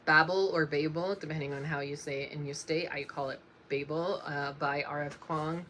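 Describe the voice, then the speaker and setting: A young woman reading off a list of books in a casual vlog, slow and unhurried, often apologizing with a soft laugh. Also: low-pitched, flat delivery, a little hiss or hum. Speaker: book vlogger.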